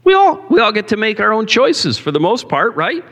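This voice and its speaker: A man's voice: high-pitched, huge pitch swings, normal speed, fairly bright tone. A male pastor preaching a sermon in a church, talking conversationally and asking the congregation questions. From Canada. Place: church sanctuary. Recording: long hall reverb.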